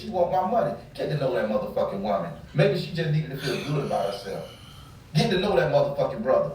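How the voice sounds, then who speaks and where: His high, slightly mellow voice comes from a distance, off-mic, in a very echoey room where a faint hum lingers. Furious and profane, he preaches about relationships to his listeners in a casual but heated tirade.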